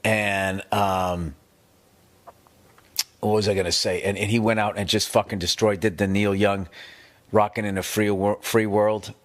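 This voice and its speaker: A man in his fifties telling rambling, profane stories in a casual rant, animated and quick to swear. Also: fairly low pitch. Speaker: comedian. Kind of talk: casual podcast-style rant.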